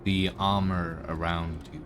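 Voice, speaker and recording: Deep-voiced man narrating as game master. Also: measured pace. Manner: relaxed, with frequent "uh" and "like". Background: background music.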